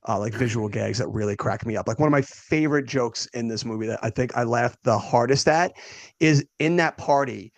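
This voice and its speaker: A man's voice: mid-range voice, a little fast, no echo. A young man co-hosting a movie podcast, chatting casually and laughing as he retells favorite jokes. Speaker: podcast co-host. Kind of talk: casual movie review chat.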